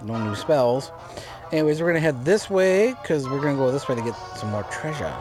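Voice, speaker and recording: A man's voice: mid-range voice, animated, brisk. Rambling man narrating his gameplay. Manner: rambling, repeats and restarts himself. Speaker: let's play commentator. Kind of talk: casual gameplay commentary. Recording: game music audible underneath. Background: game music.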